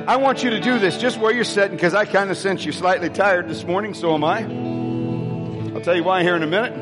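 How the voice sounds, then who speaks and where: A high-pitched man preaching in a church sanctuary, exuberant and loud at his peaks, breaking into joking asides with the congregation. Instrumental music plays clearly underneath his voice throughout. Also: animated, brisk, in a large hall. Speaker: pastor. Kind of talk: live church sermon.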